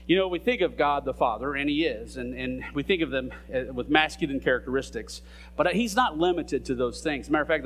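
A man's voice: fairly high pitch, a bit bright. A man preaching a sermon in a conversational way, with fillers and casual asides between scripture readings. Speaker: pastor.

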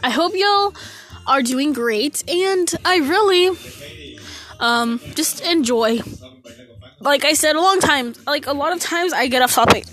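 A woman's voice: high voice, expressive, measured pace, a bit bright. A fourteen-year-old girl hosting her podcast from her bedroom into a phone, out of breath, rambling and losing her train of thought. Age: teens. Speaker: podcast host. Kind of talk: casual solo podcast chat.

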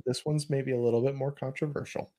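A man hosting a podcast in casual chat, animated and rambling, often laughing. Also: mid-range voice, brisk. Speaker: podcast host.

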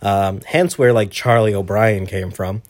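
A man's voice: on the low side, measured pace, darkish tone. A young man chatting casually as a podcast guest, rambling and laughing often. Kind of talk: casual chat.

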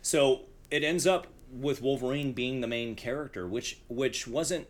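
Man, podcast co-host, casual chat, emphatic, profane, average pitch. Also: measured pace. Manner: emphatic, profane, retells scenes.

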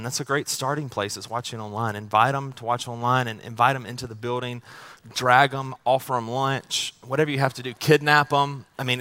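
A man's voice: medium pitch, bright, forceful tone. A man preaching a sermon as pastor. He tells a family story in a casual, joking way and often repeats his words as he goes.

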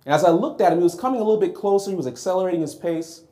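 A man preaching a sermon, telling a personal story in a lively, conversational way and acting out his own reactions. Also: sits high, very fast.

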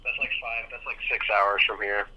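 A man's voice: on the low side, steady tone, moderate pace. A laid-back, joking man chatting as a guest over a phone held up to the microphone. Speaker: guest on call. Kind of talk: casual chat over phone. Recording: tinny phone line held to mic.

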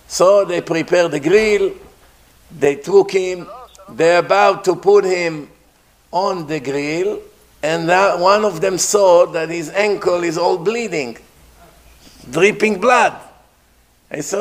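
A man giving a sermon who tells a story, slowly and emphatically, repeating his phrases. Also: sits high.

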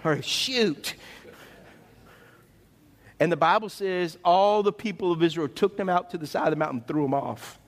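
A man preaching a sermon as pastor, animated and conversational, asking his listeners questions. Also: fairly high pitch, fast, few pauses.

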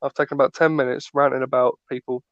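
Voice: mid-range voice, level tone, fast, no echo. A podcast co-host in casual chat, ranting with stammering restarts. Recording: dull lo-fi dry recording.

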